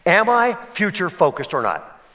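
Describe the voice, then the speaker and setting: Pastor, man, animated storyteller, high bright voice. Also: moderate pace. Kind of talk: sermon. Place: church sanctuary.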